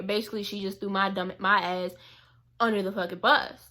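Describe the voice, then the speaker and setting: Young woman venting a storytime, bright voice, gets fired up. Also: mid-range voice, fairly quick. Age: young adult. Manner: animated and indignant, quoting others. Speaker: vlogger. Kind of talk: storytime vlog.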